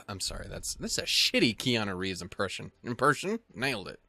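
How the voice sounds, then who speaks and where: A man's voice: lowish voice, sing-song, fairly quick, vocal fry, hardly any pauses, sharp tone, soft background music. A young man hosting a let's play, swearing and joking as he reads the game text aloud. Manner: crude, joking, swears a lot. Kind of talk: casual game commentary.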